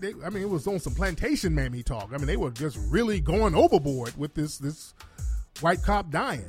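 A high-voiced man rants on his commentary show, blunt and profane. He hammers his points hard and slips into mocking falsetto impressions. Faint music sits behind him. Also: sing-song, moderate pace, darkish tone. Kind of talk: opinionated political commentary monologue.

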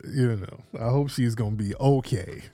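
A man's voice: medium pitch, normal speed, dark tone, no room sound, soft background music. A man hosting a casual commentary vlog, rambling, repeating himself and laughing often. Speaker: vlog host.

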